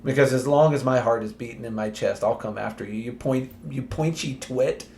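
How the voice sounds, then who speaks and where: A man's voice: mid-range voice, normal speed, a little mellow, a little hiss or hum, natural voice. Brief: crude British antihero, sneering and foul-mouthed, read by a man.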